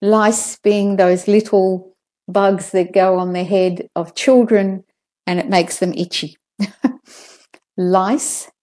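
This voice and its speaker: A woman teaching pronunciation in an online lesson, calmly drilling word pairs and sentences. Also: mid-range voice. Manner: slow, careful drills with clear word pairs.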